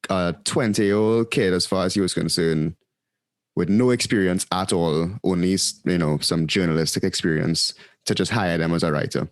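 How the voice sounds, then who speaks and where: A man appearing as a podcast guest, telling a story in a quick, animated way with frequent ums. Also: lowish voice, no room sound. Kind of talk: casual storytelling.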